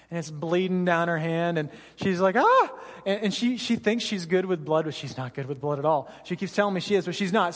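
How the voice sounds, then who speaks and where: A man with a high, light voice preaches a sermon in a church sanctuary, his words trailing off into a long hall reverb. He talks to the congregation in a relaxed, story-telling way, often turning to ask them direct questions. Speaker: pastor.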